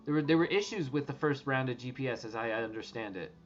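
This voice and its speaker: A man talking casually to his viewers, rambling and excitable, swearing and restarting his sentences often. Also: medium pitch, fast, dull audio, soft background music. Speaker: treasure hunt vlogger.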